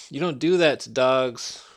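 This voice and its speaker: A man's voice: medium pitch, vocal fry, husky. A man delivering a blunt, profanity-heavy casual rant to the camera. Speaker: vlogger.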